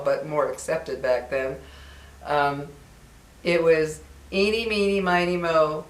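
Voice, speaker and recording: Older woman vlogger, chatty storyteller, records in a roomy, echoey space. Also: low-pitched. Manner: chatty and reminiscing, acts out quoted voices. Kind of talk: casual chat to viewers.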